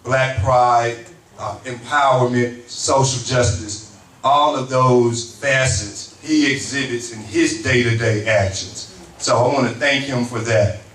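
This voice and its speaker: A man's voice: medium pitch, steady tone, slow, a bit bright. A man emceeing a community town hall, who speaks in an earnest, grateful way as he makes his acknowledgements and introduces speakers. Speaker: emcee and university teacher. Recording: roomy hall, far from mic, faint noise.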